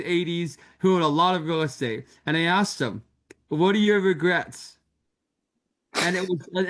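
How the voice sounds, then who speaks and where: A man's voice: a little high, a bit bright. A man in casual conversation, agreeable and reassuring, often restarting his sentences. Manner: agreeable, hesitant starts, reassuring. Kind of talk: casual chat.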